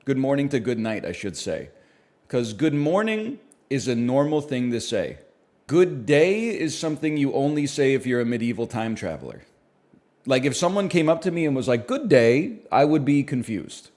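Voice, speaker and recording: A man's voice: medium pitch, sing-song, moderate pace, darkish tone. A man streaming, chatting casually and riffing wryly on his own jokes with mock-serious asides. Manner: rambling, wry, mock-serious bits.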